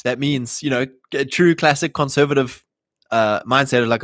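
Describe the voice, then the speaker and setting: A man's voice: medium pitch, a little fast, fairly bright tone, no echo, clean studio sound. A man preaching casually to a live chat, emphatic and slangy, often mimicking imagined voices. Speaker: Christian livestream host.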